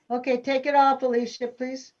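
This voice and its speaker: Woman teacher running an online acting class; measured, slightly high, muffled call audio. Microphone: video call.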